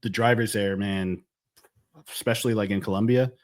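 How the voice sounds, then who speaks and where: A relaxed man in casual podcast chat, easygoing and quick to laugh, with a fairly low voice. He drops casual swears while he tells a story. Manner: laid-back, laughs often, swears casually.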